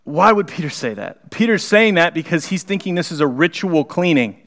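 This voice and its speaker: Male pastor, slightly high voice, animated, conversational sermon, acts out characters. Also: moderate pace. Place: church sanctuary.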